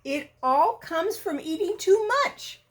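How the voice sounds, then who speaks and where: A woman voicing a fussy, hospitable male rabbit in a children's storybook read-aloud, brisk and prim. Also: sits high, big pitch swings, a little mellow, voice pushed up.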